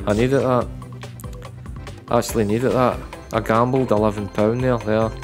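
Excitable man narrating slot spins. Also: fairly low pitch, unhurried, faint music behind. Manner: chatty, stammering repeats, bursts of loud excitement. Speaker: online slots streamer. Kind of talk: live gameplay commentary.

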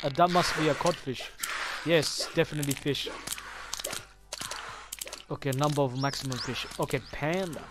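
A man talking through a video game in a loose, excitable commentary. His voice sits a little higher than most men's, and he swears freely as he reacts to each new thing. Game music plays clearly underneath. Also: moderate pace, pauses often. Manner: excitable, swears often, reacts aloud to what he sees. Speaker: gaming YouTuber. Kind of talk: casual gameplay commentary.

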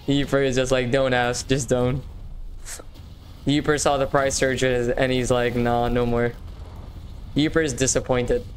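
A man's voice: medium pitch, a little hiss or hum. A young man hosting a live gaming stream, chatting casually and upbeat with viewers, slangy and often repeating himself. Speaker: livestream gaming host.

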